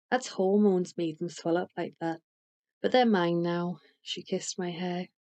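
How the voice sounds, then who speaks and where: A woman narrating a first-person audiobook in a measured, unhurried way. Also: medium pitch, darkish tone.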